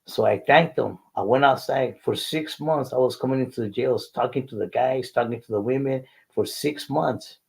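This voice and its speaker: A man's voice: mid-range voice, normal speed, vocal fry, hardly any pauses, a little mellow, slightly rough, rough recording. An older man, telling a faith testimony in an interview and acting out the dialogue earnestly. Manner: earnest storytelling, acts out dialogue. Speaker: guest.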